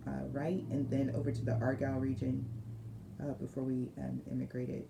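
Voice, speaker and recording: A woman's voice: very deep voice, completely flat delivery, moderate pace, creaky, background noise. A woman giving a casual spiritual crystal card reading, chatty and digressive, reading the card text aloud with emphasis. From United States. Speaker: spiritual reader.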